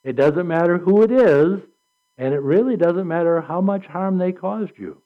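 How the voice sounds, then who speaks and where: A man preaching a sermon with an animated delivery, reading scripture aloud and acting out quotes. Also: sits high, moderate pace. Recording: dull lo-fi recording.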